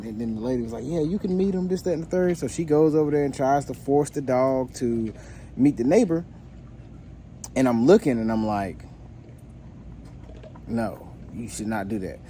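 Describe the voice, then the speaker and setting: A man who works as a dog trainer talks casually to his viewers, recounting a story in a loose, meandering way with plenty of "um"s and restarts. His voice is mellow and mid-pitched, with a faint hiss under it. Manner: relaxed, rambling with many fillers and restarts.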